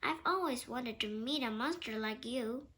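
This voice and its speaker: A woman's voice: a little high, moderate pace, sharp tone. A woman voicing Kipper, a fearless, curious little boy in a children's storybook reading.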